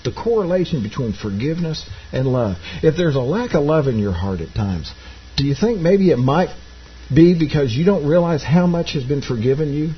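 A man's voice: on the high side, sing-song, normal speed, highs cut off, slight background noise. A man preaching a sermon, reading scripture aloud and explaining it in plain asides to his congregation. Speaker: pastor.

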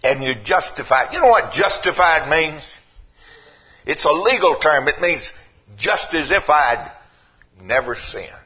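An older man preaching a sermon, swinging from low and quiet to loud and emphatic. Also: expressive, unhurried, slightly rough, dull audio.

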